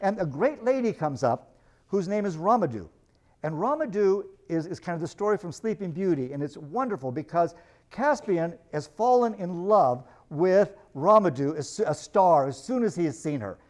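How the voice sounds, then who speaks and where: A man's voice: high-pitched, animated, moderate pace, a little mellow. A man giving a literature lecture, animatedly retelling a story and reading passages aloud.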